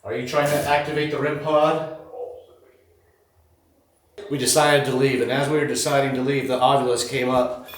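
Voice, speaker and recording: A man hosting a ghost hunt, calmly asking questions of spirits inside a large abandoned hospital. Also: mid-range voice. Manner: calm, questioning, talks slowly to the unseen. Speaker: paranormal investigator host. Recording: echoey empty building, faint noise.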